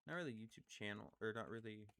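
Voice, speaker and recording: A man's voice: fairly low pitch, fast talker, fairly bright tone. A man in casual rambling commentary, thinking aloud and apologizing often as he ranks favorite creators, full of fillers and restarts. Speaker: YouTuber ranking favorite creators.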